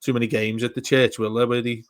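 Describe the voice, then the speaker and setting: A man chats about football on a casual podcast. His voice sits at an ordinary middle pitch. He sounds keen and restarts his words as he goes. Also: flat delivery, fast talker, no echo. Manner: enthusiastic, restarts words often. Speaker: podcast co-host.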